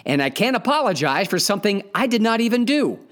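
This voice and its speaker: A man's voice: high-pitched, sing-song, fast, a bit bright. Blunt, profane man ranting on a podcast. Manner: emphatic, repeats key points. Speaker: podcast host. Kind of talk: opinionated podcast monologue.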